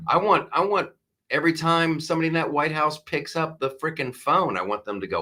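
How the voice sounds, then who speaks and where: A man's voice: fairly high pitch, very animated, moderate pace, sharp tone, soft background music. A man hosting a live comedy news show, ranting with exasperated sarcasm and frequent restarts.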